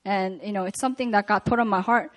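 A woman preaching at a prayer meeting, reading scripture and retelling it in a casual, animated way. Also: mid-range voice, quick pace.

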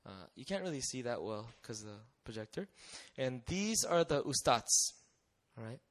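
A young man giving a lively testimony talk, telling a mission story with acted-out voices and frequent laughter. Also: medium pitch, normal speed. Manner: animated storyteller, acts out voices, laughs often. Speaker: missionary speaker.

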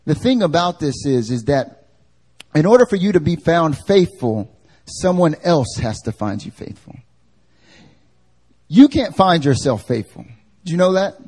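A man preaching a live church sermon, animated and conversational, acting out everyday voices. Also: a little high, normal speed, breathy edge. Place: church service.

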